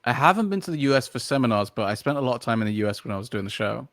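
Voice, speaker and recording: A man's voice: mid-range voice, expressive, rapid-fire, fairly bright tone, dry recording, studio quality. A man guesting on a podcast, talking casually and at length, full of fillers and restarts as he searches for words. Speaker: podcast guest, dog trainer. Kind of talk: casual interview chat.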